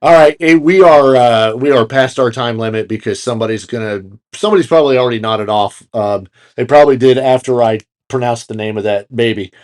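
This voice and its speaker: A man's voice: medium pitch, fairly quick, few pauses, darkish tone. A man co-hosting a casual podcast, joking around and swearing casually as he wraps up the episode. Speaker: podcast co-host. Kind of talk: casual chat.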